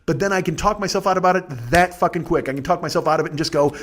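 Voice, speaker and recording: A man's voice: on the high side, racing, fairly bright tone. A man in his forties hosting a podcast, ranting with lots of swearing, rambling with restarts and self-deprecating laughter. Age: 40s. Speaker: podcast host. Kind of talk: casual comedic monologue.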